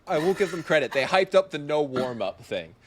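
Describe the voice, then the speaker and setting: A man's voice: a little high, brisk, crowd noise. Young man telling a story with laughs. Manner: animated, laughs often, acts out quotes. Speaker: podcast guest. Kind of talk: casual storytelling.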